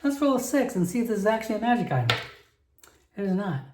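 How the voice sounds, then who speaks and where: A man's voice: sits high, big pitch swings, fast talker, roomy sound, background noise. Chatty man narrating a solo tabletop game. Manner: rambling, chatty, many fillers.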